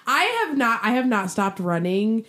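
A woman's voice: mid-range voice, moderate pace, fairly bright tone. A tired woman co-hosting a casual podcast, talking in a rambling, hesitant way. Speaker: podcast co-host.

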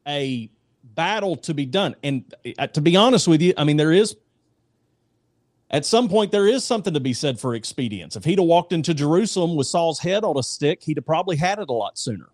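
A man in casual faith discussion, telling jokes and stories in an animated way, with voices. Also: on the high side, brisk, no echo, studio quality.

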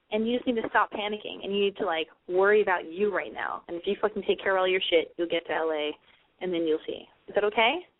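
Blunt, profane woman on a tinny phone line. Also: mid-range voice. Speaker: call-in radio advice host. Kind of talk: casual call-in advice show. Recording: phone-line quality, dry.

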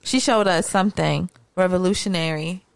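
A woman's voice: lowish voice, normal speed, gravelly, clear, resonant tone, no echo. A woman co-hosting a podcast, telling stories in casual chat and swearing freely. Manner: animated storytelling, swearing freely. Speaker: podcast co-host.

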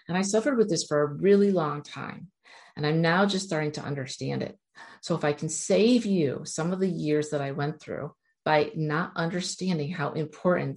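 A woman with a low, deep-set voice speaks straight to her viewers in an earnest, encouraging motivational talk. She addresses them directly and keeps urging them on. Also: a little mellow. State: near tears at moments. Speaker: self-help speaker.

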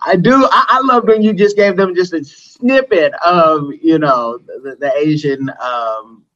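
A man hosts a casual interview in a playful, easygoing way, chuckling as he asks things. His voice sits a little high. The audio is slightly dull and lo-fi. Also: a little slow, fairly bright tone. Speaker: interview host.

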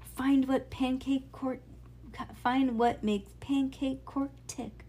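A woman's voice: medium pitch, very animated, moderate pace, darkish tone, slightly rough. A woman reading aloud and voicing a stern, insistent father who raises his voice. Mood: enthusiastic. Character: stern yet eager father, grown man. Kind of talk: storybook read-aloud.

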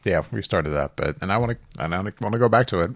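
A man co-hosting a podcast in casual chat, talking in halting bursts with lots of fillers and restarts. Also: deep voice, expressive, no echo. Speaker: podcast co-host.

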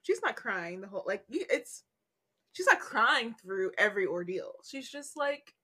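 A woman's voice: medium pitch, very animated, normal speed, pushed and bright, husky. A woman guest on a book podcast, talking casually and emphatically, retelling scenes.

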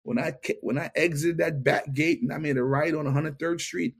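A middle-aged man, a guest in an interview, shares his testimony with a somewhat high, fairly quick voice that sounds creaky and husky. He's an animated storyteller who acts out the lines of the people in his account.

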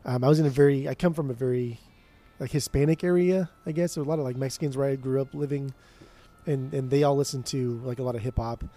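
A man's voice: medium pitch, steady tone, fast talker, warm tone. A man in his thirties, co-hosting a music podcast remotely, sarcastic and nitpicking in casual banter. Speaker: podcast co-host. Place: remote from co-host.

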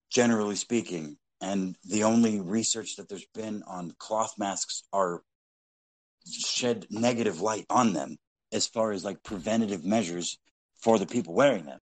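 A man co-hosting a podcast, telling casual anecdotes in a blunt, profanity-heavy way. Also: on the low side. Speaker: podcast co-host. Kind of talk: casual storytelling chat.

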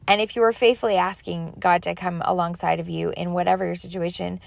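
A woman's voice: lowish voice, steady tone, quick pace, creaky, no room sound. A woman in her thirties talking casually and rambling about faith and journaling, chatty and self-deprecating, with a slight allergy cough. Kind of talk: casual faith-based advice talk.

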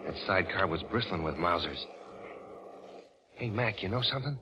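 An actor playing a brash, wisecracking American army sergeant, in a 1940s radio drama. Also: male voice, deep voice, expressive, moderate pace, dull audio. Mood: gruff. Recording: old radio recording with faint hiss.

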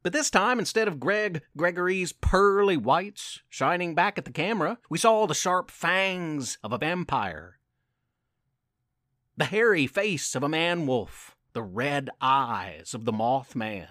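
Lively high-voiced male storyteller, unhurried. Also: no echo, studio quality. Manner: gentle, encouraging, playful. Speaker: podcast host and storyteller. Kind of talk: scripted storytelling narration.

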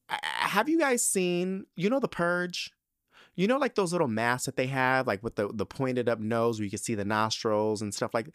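A young man hosting a podcast, telling a story in a sassy, animated way with lots of emphatic repetition. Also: medium pitch, normal speed, no room sound, clean studio sound. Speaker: podcast host. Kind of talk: casual podcast monologue.

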